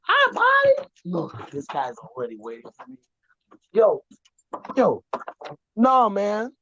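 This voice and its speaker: A woman hosting a casual livestream chat, talking loud and blunt, swearing freely and laughing a lot. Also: sits low, very animated, slow, lo-fi sound, slight background noise. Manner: loud, swearing, laughs often, coos at dogs. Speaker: livestream host.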